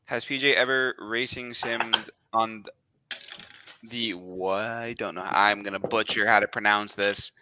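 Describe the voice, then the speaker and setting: A man's voice: fairly low pitch, measured pace, a little hiss or hum. A man with a New York accent hosting a livestream, chatting casually and reading questions from chat. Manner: relaxed, reads chat questions. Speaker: stream host.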